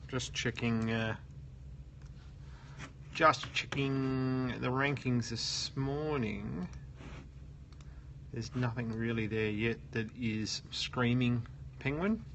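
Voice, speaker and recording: The voice here is mid-range and a bit bright, slow and marked by long pauses, with slight background noise. It belongs to an Australian man hosting a casual live SEO question stream from his work office, joking and reading viewer comments out loud.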